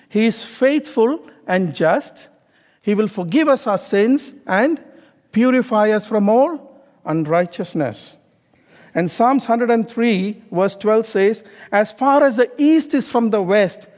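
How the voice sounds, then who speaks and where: A man's voice: high voice, a little mellow, big-room sound. A middle-aged man preaching a sermon in a conversational way, often asking the congregation questions and adding "okay?" and "you know". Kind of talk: sermon with personal story.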